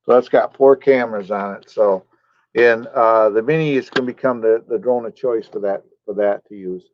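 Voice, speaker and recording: A man's voice: fairly low pitch, moderate pace. A man live streaming, chatting casually and rambling while he answers his chat viewers by name. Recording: dull lo-fi stream audio.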